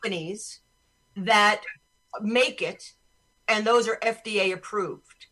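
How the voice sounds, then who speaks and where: A woman's voice: medium pitch, slow pace, bright, forceful tone, poor audio. A woman hosting a podcast over a video call, talking in a blunt, profane, ranting way. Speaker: podcast host. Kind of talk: casual chat on a video call.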